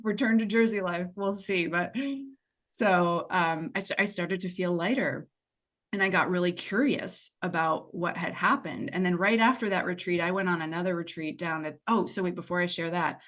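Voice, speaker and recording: A woman with a lowish voice, talking as a podcast guest about her own experiences. She tells it candidly and expressively, drifting into asides and acting out what she said to herself. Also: normal speed. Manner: expressive, digressive storyteller who acts out her past self. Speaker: podcast guest, money mindset and tapping coach. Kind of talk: candid conversational storytelling.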